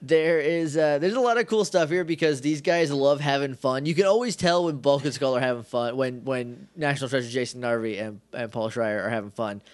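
A man co-hosting a podcast in casual chat, playful and quick to put on silly voices when he retells scenes. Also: mid-range voice, no room sound. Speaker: podcast co-host.

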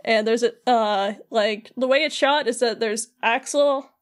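A woman with a fairly high voice co-hosts a casual podcast. She retells a game's story in a lively way, often laughing between lines. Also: measured pace. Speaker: podcast co-host. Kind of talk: casual chat retelling a video game story.

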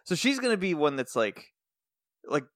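A man's voice: on the high side, big pitch swings, normal speed, no echo, clean studio sound. A man co-hosting a podcast, recapping a TV episode in casual chat, laughing often and chiming in with jokes. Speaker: podcast co-host.

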